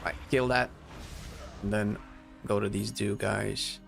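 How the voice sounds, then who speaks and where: A man giving casual commentary while playing a game, animated and swearing as he plays. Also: fairly low pitch, takes it slowly, creaky, soft background music. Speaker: gaming streamer.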